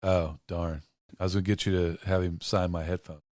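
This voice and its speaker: Male co-host, low register, playful banter, dry close sound. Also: flat delivery, normal speed, darkish tone, no room sound. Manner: joking, teasing banter. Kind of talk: casual chat.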